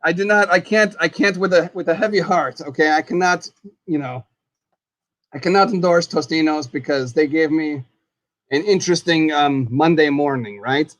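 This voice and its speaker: A man hosting a casual live stream, chatting while he eats. He is excitable, exclaims often and calls himself the dead skeleton in the third person. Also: on the high side, normal speed, no room sound.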